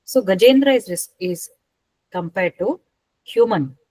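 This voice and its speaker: A woman retelling a scripture story as a talk, unhurried and asking her listeners rhetorical questions. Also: medium pitch, animated, darkish tone, no room sound, rough recording.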